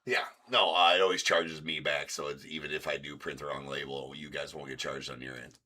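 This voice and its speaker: A man's voice: very deep voice, little pitch movement, brisk, bright, forceful tone. A man hosting a card break stream, chatting casually and rambling, acting out past arguments in a raised voice. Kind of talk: casual livestream chat.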